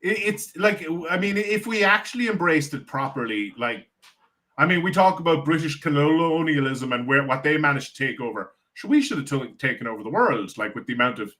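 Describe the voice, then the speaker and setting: Irish male podcast guest, higher voice, lively storyteller who swears and restarts a lot. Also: brisk. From Ireland. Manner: animated storyteller, casual swearing, many restarts. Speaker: venture capital guest. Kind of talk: casual podcast chat.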